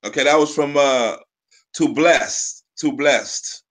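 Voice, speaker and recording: A man hosting a live stream, talking in a profane, rambling way with halting restarts. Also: a little high, fairly bright tone. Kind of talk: casual live stream chat.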